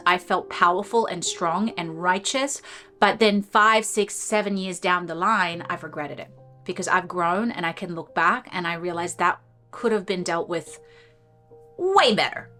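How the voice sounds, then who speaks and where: A woman hosting a meditation channel, telling a personal story in a casual, animated way and laughing often. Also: lowish voice, moderate pace, soft background music. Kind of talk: casual spiritual talk to camera.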